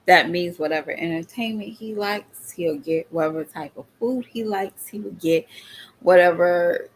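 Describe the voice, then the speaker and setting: A woman's voice: mid-range voice, slight background noise. A middle-aged woman chatting casually to her viewers, often laughing and calling them y'all. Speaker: vlogger.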